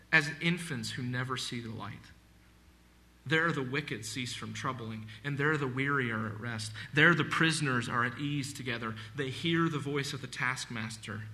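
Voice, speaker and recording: A man's voice: mid-range voice, normal speed, pushed and bright. A man preaching a sermon as pastor, earnest and emphatic, reading scripture aloud.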